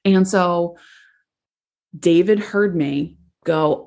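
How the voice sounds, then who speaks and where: A woman's voice: lowish voice, unhurried. A young woman hosting a podcast, candidly telling a personal story in a casual, emotional way, with many "like"s. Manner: candid, emotional, says "like" often. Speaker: podcast host.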